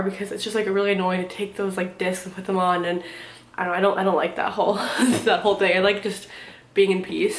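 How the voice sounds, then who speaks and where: A young woman vlogger chatting casually about her gym routine, rambling and halting with lots of fillers, a little out of breath. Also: medium pitch, reverberant. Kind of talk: casual chat.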